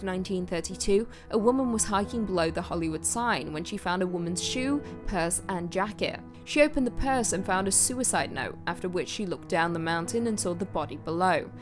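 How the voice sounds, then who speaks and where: A woman with an English accent hosts a scary countdown, narrating scripted stories and adding dry, sarcastic asides. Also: medium pitch. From England. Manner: dry, deadpan sarcastic humor. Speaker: host. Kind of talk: scripted horror-list narration with chatty asides. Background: background music.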